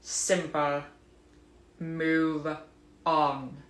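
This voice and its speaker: A woman doing a low, slow, sneering Slytherin man. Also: flat delivery, reverberant. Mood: bitter. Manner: dry, slow and disdainful. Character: brooding sardonic Slytherin man, cold and proud.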